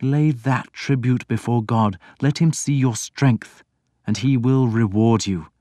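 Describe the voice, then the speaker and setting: A man voicing a coaxing older priest who speaks gently and deliberately, in an audiobook reading. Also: medium pitch, dry recording, lightly acted. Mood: earnest. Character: soothing older male priest, earnest and coaxing.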